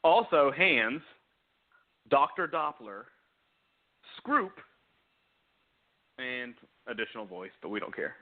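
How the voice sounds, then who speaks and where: A man's voice: medium pitch, very animated, takes it slowly, pauses often. A man hosting a quiz bit on a casual podcast, hesitant and repeating himself as he reads out names. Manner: hesitant, repeats himself while reading lists. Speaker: podcast co-host running a quiz game. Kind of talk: casual chat. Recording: tinny phone-like audio.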